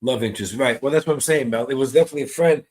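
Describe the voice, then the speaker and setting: Man giving a slow psychic reading. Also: mid-range voice, darkish tone. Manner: slow, searching descriptions, greets and answers viewers' comments. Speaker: psychic medium. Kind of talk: live online mediumship reading.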